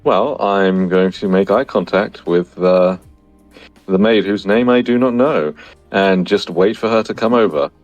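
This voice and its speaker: A man playing in a tabletop game, describing his character's actions in a slow, theatrical way. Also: sits low, lo-fi sound, faint music behind. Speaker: player. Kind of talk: tabletop role-play.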